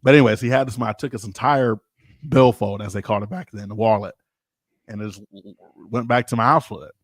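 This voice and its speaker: A man and pastor telling a personal story casually, animated and informal, acting out the people he quotes. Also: fairly low pitch, fairly quick, no echo, clean studio sound.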